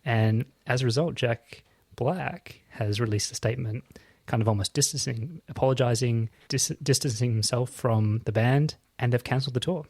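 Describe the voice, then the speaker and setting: A man's voice: mid-range voice, moderate pace, a little mellow, slightly rough, dry recording. A man co-hosting a podcast, telling anecdotes in casual political chat and checking in with "right?". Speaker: podcast co-host.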